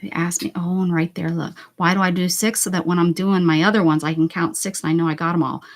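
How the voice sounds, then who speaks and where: A woman's voice: fairly low pitch, fairly even intonation, quick pace. Chatty woman with a northern US accent. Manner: chatty, mutters and whispers asides to herself; reads out and answers viewer chat. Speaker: craft livestream host. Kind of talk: casual chat while painting.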